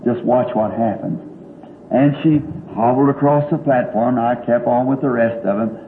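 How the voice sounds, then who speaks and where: A man's voice: mid-range voice, moderate pace. An older man preaching a sermon, telling stories in a folksy, rambling way and chuckling often. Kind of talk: sermon storytelling. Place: large church hall. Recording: tinny old recording in an echoey hall with faint hiss.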